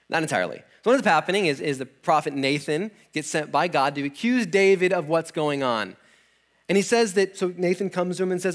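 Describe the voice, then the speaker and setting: A man's voice: on the high side, expressive, brisk. A young adult man preaching, retelling a scripture story casually with slang, laughs and acted-out character lines.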